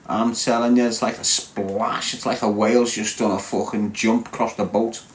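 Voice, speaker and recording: In his forties and from Liverpool, this Scouse man banters crudely with his live-stream chat, swearing constantly and teasing his viewers in a brash way. His voice is low-ish with little pitch movement at a moderate pace, and there's slight background noise.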